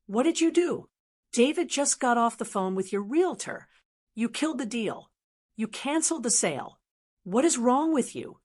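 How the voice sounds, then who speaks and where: Shrill stammering daughter-in-law in a panic, put on by a woman reading a story; pitched well above the narrator. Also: very animated, moderate pace, darkish tone. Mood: frantic. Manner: shrieking, pleading, stammering. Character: frantic desperate daughter-in-law, middle-aged woman.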